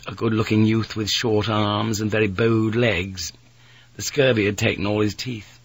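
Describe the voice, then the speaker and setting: Low, husky-voiced male narrator. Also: level tone, measured pace, dry recording. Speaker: audiobook narrator. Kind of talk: audiobook narration.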